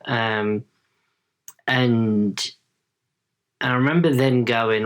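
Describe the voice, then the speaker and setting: A man's voice: mid-range voice, moderate pace, fairly bright tone. A man in his late thirties, a podcast guest telling a story casually, often tagging his sentences with "right?". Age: late 30s. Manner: chatty, tags sentences with "right?".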